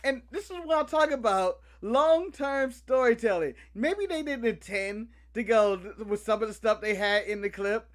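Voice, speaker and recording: Excitable man with a high voice. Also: normal speed, hardly any pauses. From United States. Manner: excited storytelling, laughs, shouts out quotes. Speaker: co-host. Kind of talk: casual podcast chat.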